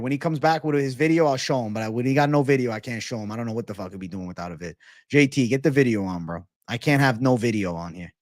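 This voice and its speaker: A man hosting a live stream in casual chat, animated, swearing and calling everyone 'bro'. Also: medium pitch, no room sound, studio quality. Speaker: stream host.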